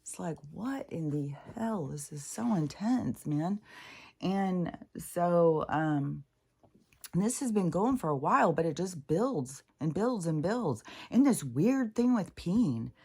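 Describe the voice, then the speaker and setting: This middle-aged spiritual vlogger speaks in a low-pitched, dark voice, rambling casually with plenty of swearing and laughter and sentences she leaves unfinished.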